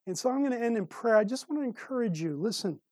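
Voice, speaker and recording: Conversational preacher with a dry sound. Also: male voice, extremely high pitch, animated, fast talker, a little mellow, no echo. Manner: conversational storytelling, with throat clearing. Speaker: pastor. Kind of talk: sermon. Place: church service room.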